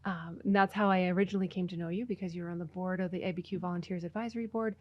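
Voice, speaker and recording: A woman's voice: fairly low pitch, fairly even intonation, very fast, no room sound, lo-fi sound. A woman hosting a podcast, chatting casually with her guest and using plenty of fillers. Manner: warm, chatty, many fillers. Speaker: podcast host. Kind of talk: casual interview.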